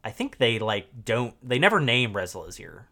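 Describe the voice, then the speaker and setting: A man co-hosting a casual podcast, talking through game lore with halting, filler-heavy speech. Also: medium pitch, sing-song, bright, forceful tone. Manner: halting, many fillers, thinks aloud. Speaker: podcast co-host.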